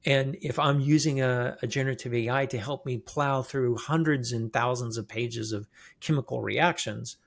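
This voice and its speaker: Husky gravelly guy hosting a podcast, chatty, keeps asking "right?". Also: medium pitch, steady tone, normal speed. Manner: conversational, checks in with "right?". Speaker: podcast host. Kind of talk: casual interview chat.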